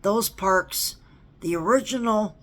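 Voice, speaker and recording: A man talks slowly and deliberately, stumbling over his words and doubling back on them. He keeps pressing his point with emphatic repeats, and he checks in with a pleading "okay?" as he vents in a casual rant. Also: high-pitched. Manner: earnest and emphatic. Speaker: theme park fan vlogger. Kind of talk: ranting casual monologue.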